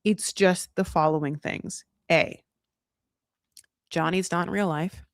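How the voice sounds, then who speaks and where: A woman's voice: fairly low pitch, fairly even intonation, slow, creaky, no room sound, studio quality. A woman hosting a casual live recap of a reality show, blunt and opinionated, rambling with lots of "like" and frequent swearing.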